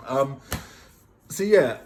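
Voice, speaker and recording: A man's voice: medium pitch, animated, drawn-out words, slight background noise. A man earnestly telling his own story in a casual vlog, emphatic and often checking in with the listener.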